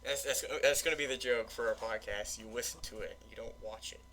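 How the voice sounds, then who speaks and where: A man hosting a laid-back podcast in a mid-pitched, ordinary voice. He meanders through his sentences, padding them with filler phrases as he goes. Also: a little fast, sharp tone. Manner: rambling, lots of filler phrases. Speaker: podcast host. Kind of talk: casual podcast chat.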